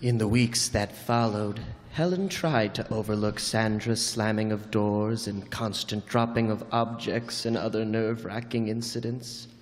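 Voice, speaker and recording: Low-voiced radio drama narrator, man. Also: fairly even intonation, a little slow, few pauses, in a large hall.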